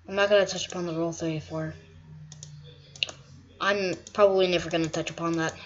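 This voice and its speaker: A woman's voice: fairly low pitch, dull audio. A woman talking sarcastically and mockingly as she rants in a vlog. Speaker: YouTuber. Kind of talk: ranting vlog commentary.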